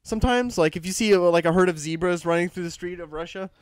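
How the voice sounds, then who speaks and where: A young man riffs through a crude comedy podcast with goofy, mock-serious banter. His voice sits a little high and comes through smooth and clear, recorded close and dry. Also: quick pace, no echo. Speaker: podcast co-host.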